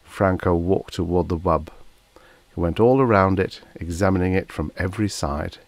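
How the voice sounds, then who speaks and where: A man reading a vintage science fiction story aloud as an audiobook narrator, in a measured storytelling manner. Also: low-pitched, dry recording. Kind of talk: scripted narration.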